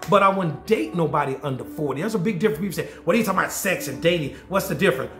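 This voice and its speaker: Brief: man in his forties, high voice, crude comic vlog rant, echoey room, faint music behind. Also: animated, rapid-fire. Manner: loud, joking, playfully crude. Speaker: vlogger and DJ. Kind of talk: casual comedic monologue to camera.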